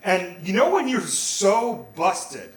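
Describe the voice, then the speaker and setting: A man's voice: sits high, very animated, slow pace. A man in his forties, telling a comic story on a small theater stage in a rambling, self-mocking way, laughing along as he goes. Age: 40s. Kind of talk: live comedic storytelling. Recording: roomy live theater sound.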